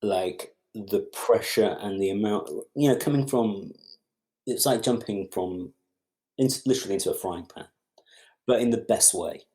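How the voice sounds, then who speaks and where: Talking at a normal speed in a fairly low voice, this middle-aged film director spins a long anecdote as a podcast guest. He's a lively storyteller who performs other people's lines along the way.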